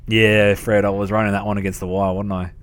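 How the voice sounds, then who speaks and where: A man's voice: on the low side, level tone, a little fast, clear, resonant tone. An Australian man in his thirties, a game streamer telling casual stories, swearing freely and laughing as he talks. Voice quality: profane, laughing, matey. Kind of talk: casual storytelling chat.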